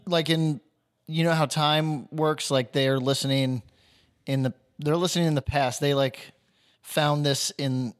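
A young man co-hosting a podcast, his voice sitting a bit high for a man. He chats loosely and keeps needling his friend with crude, mocking jabs. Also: fairly even intonation, unhurried. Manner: profane, needling banter. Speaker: podcast co-host. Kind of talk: casual chat.

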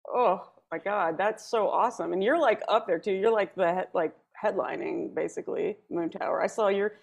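A woman's voice: mid-range voice, moderate pace, gravelly, husky. A woman hosting a podcast who chats casually and rambles with lots of fillers and giggles. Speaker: podcast host.

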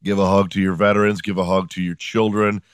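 A middle-aged man hosts his own podcast from home, riffing in a sarcastic, profane comic monologue. His voice sits fairly low. The sound is dry and close, with no room echo. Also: level tone, a little fast, smooth. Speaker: podcast host. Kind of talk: casual comedic monologue.

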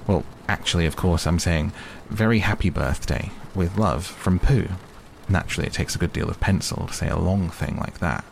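A man's voice: low-pitched, moderate pace, gravelly, a little hiss or hum. A man voicing a pompous, self-important old male owl in a storybook reading.

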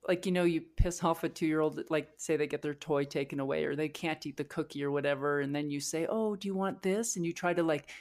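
A woman with a low, deep speaking voice shares a personal story on a podcast. She talks candidly and emotionally, rambling and restarting her sentences as she goes. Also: steady tone, fairly quick, few pauses, a little mellow. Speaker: podcast co-host.

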